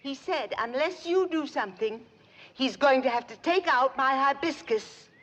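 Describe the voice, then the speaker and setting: Sitcom: a high-pitched, prim society matron, fussy and tearful, very lively delivery. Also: female voice, moderate pace. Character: prissy rich society woman, fretful and proper. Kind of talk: 1960s sitcom acting.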